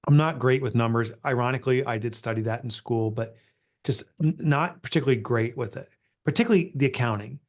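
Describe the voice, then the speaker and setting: A middle-aged author, appearing as a guest in an interview, tells a personal story in an earnest, confessional way, with open, raw feeling. His pitch sits in the middle range for a man, and he talks at a quick pace.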